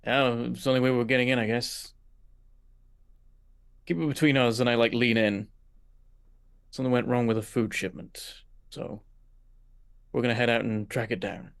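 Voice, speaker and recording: A man speaking in character during a tabletop game, with a gravelly, creaky edge to his voice. He sounds relaxed and low-key. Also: moderate pace, long pauses, no echo, studio quality. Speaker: player.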